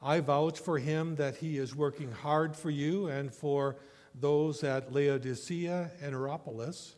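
Male pastor, slow deliberate sermon delivery, slightly high voice, church reverb. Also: steady tone, a little mellow. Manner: measured storytelling with rhetorical questions. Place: church sanctuary. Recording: long church hall reverb.

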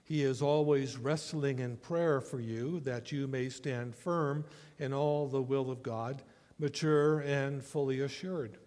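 A man pastor reading scripture and preaching a sermon, telling a story in a measured way and asking rhetorical questions. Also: mid-range voice, steady tone, darkish tone. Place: church sanctuary. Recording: long church hall reverb.

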